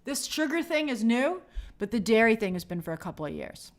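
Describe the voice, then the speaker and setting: A woman's voice: a little high, sing-song, a little fast. A woman hosting a livestream, chatting casually and reading viewer comments aloud in an upbeat way. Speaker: host reading live chat.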